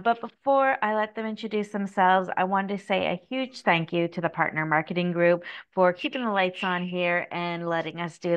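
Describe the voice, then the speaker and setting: A woman's voice: lowish voice, a bit bright, clear, resonant tone. A woman hosting a live webinar panel over a video call, upbeat and chatty with fillers. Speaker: webinar host.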